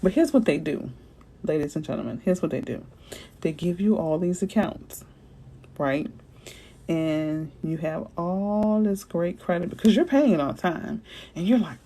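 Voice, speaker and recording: A woman realtor from Florida chats with her viewers in an animated, slangy way, answering their comments as she goes. Her voice sits a little low and sounds mellow and warm. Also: normal speed, poor audio. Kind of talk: casual livestream chat with viewers.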